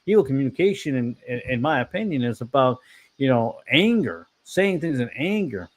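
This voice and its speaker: A man's voice: mid-range voice, sing-song, moderate pace. Blunt, rambling man preaching casually. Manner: rambling, self-correcting, blunt opinions. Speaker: online fellowship discussion host.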